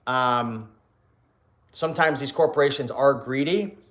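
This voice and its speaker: Speaking unhurriedly in a mid-range, fairly bright voice, a reseller YouTuber hosts a casual livestream. He preaches at his viewers, peppering them with rhetorical questions and often starting his words over.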